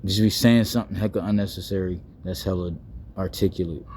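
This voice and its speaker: Young Bay Area guy, lowish voice, loose rambling vlog talk, slangy, restarts a lot, faint rumble behind. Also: steady tone, fairly quick, a little mellow. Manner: loose, playful, wordy on purpose, with slang and many restarts. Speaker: vlogger. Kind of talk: rambling casual monologue.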